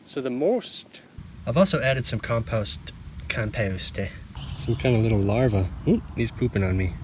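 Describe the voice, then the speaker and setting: A man's voice: mid-range voice, lively intonation, moderate pace, a little hiss or hum. A man hosting a gardening channel, stumbling over his lines, restarting and laughing at himself. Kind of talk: blooper reel of casual garden vlogging.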